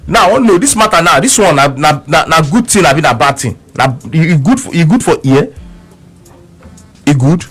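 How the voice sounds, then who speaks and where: A man's voice: on the high side, lively intonation, normal speed, fairly bright tone, husky, soft background music. A man speaking with a Nigerian Pidgin accent, telling a story on radio with emphatic repeats and quoted back-and-forth. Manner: emphatic, repeats words, quotes both sides of an argument.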